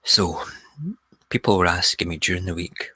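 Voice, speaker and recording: Deep husky man telling a story. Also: normal speed, dry recording. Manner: animated storyteller, mimics people. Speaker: radio show host. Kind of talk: casual storytelling. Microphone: close studio mic.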